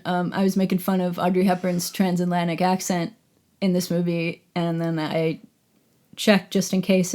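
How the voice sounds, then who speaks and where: A woman's voice: medium pitch, darkish tone. A woman co-hosting a casual movie review podcast, frank and wry with dry asides. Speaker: podcast co-host.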